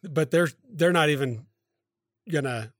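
A man co-hosting a podcast, retelling a story in a rambling, halting way full of fillers and self-corrections. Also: a little high, fairly bright tone. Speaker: podcast co-host. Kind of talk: casual storytelling chat.

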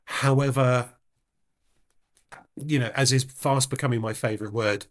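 A man's voice: mid-range voice, steady tone, unhurried. A man co-hosting a music podcast, talking in a rambling, hesitant way with many restarts. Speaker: podcast co-host. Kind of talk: casual podcast chat.

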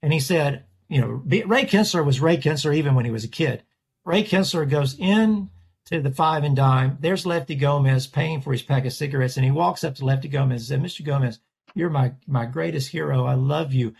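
Guest artist, male storyteller, husky and gravelly, animated retelling. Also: on the high side, fairly quick. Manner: animated storyteller, acts out quoted voices. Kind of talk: storytelling in a podcast interview.

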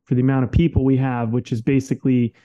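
A man's voice: medium pitch, little pitch movement, fast talker, dark tone, highs cut off. A man co-hosting a podcast in casual conversation, talking candidly and emphatically and swearing freely. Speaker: podcast co-host.

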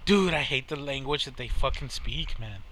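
A man co-hosting a casual, profane chat, swearing, joking loudly and laughing while watching a trailer. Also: medium pitch, slight background noise. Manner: loud, swearing, quick to laugh.

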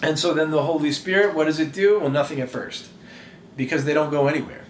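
A man preaching a sermon in an animated, conversational way that often repeats words as he goes. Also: fairly high pitch, fast talker, echoey room, slight background noise. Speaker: pastor.

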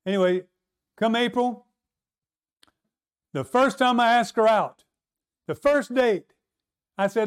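A man's voice: sits high, measured pace, pauses often, clear, resonant tone. A man preaching, telling a personal testimony in an earnest storytelling way and speaking straight to his congregation. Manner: earnest storytelling, addresses audience directly. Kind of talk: sermon testimony.

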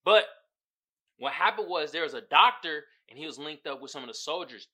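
A man hosting a podcast, casually recapping a TV series with animated, profane storytelling. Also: on the high side, fairly quick. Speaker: podcast host.

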